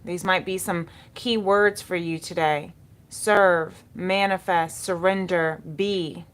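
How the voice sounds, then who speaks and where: A woman's voice: on the low side, fairly even intonation, slow. A woman giving a spiritual tarot reading, speaking in a soothing, encouraging way and repeating key words. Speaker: tarot reader.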